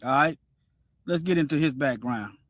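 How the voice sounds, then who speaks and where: Brief: male stream host, preachy and repetitive, sharp high voice. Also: normal speed, dry recording. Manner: preachy, repeats himself, animated. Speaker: livestream host. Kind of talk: casual commentary livestream.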